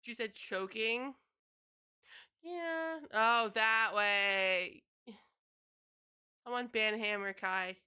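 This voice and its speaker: A woman's voice: on the high side, drawn-out words, pauses often, bright, forceful tone, clean tone. A woman game streamer chatting casually to her live chat, rambling and swearing freely.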